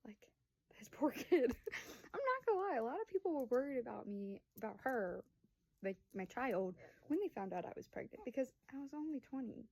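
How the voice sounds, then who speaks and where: Very animated and brisk, this high-pitched voice has a slightly mellow quality, captured on a low-quality recording. It belongs to a young mother who vlogs, a woman in her early twenties telling a family tale to camera in a loose, chatty way, with lots of fillers and acted-out quotes from her family.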